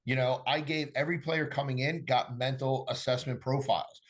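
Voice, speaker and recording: A man's voice: medium pitch, fairly quick. A middle-aged man, a golf coach, chatting casually on a podcast and acting out conversations as he tells stories. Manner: animated storyteller acting out dialogue.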